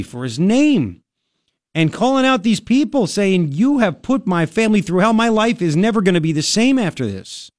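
A man's voice: high voice, dry recording, clean studio sound. A male talk radio host giving an emphatic, ranting political commentary.

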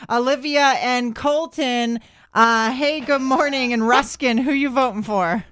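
A woman's voice: high-pitched, a little slow, fairly bright tone, no echo. A woman co-hosting a morning radio show with playful, dramatic, teasing banter, speaking into a studio mic. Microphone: studio microphone.

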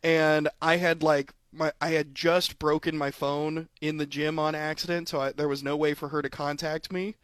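A man's voice: on the high side, little pitch movement, normal speed, hardly any pauses, a bit bright, no room sound. A man co-hosting a sports podcast, telling stories animatedly, laughing often and acting out voices in casual chat. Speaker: podcast co-host.

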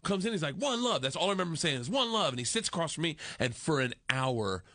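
Man telling a wild story, lively voice. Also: on the high side, fast, dry recording. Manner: excited, laughing, acts out voices in dialogue. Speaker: guest storyteller. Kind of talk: animated storytelling on a talk show.

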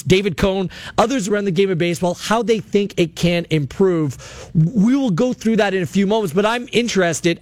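Radio host guy with a higher voice, talking sports, close dry mic. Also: no room sound. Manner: chatty, animated, takes calls. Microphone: studio mic.

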